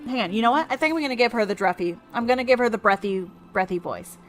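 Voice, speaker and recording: A woman's voice: on the high side, lively intonation, faint music behind. A woman giving jokey, rambling commentary while streaming a video game. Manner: jokey, rambling, quick asides.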